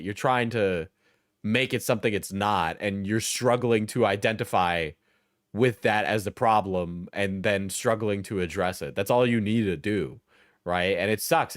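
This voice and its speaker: A man hosting a live stream, reacting with rambling, halting commentary and frequent laughs. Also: lowish voice, dry recording, clean studio sound. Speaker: streamer host.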